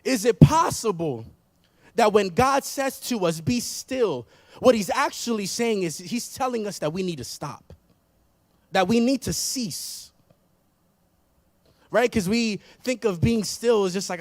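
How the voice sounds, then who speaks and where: A man in his thirties preaches with a high voice that catches into a gravelly fry. He builds through repeated phrases with emphatic force, and the sound is dry and close with little room around it. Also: expressive, a little slow, no echo. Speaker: pastor. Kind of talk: sermon. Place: church.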